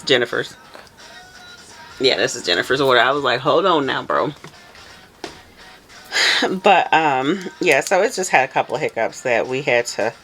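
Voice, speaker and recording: A woman chatting casually while packing orders, telling stories in an animated way and laughing often. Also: very deep voice, poor audio. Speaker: soap maker vlogger.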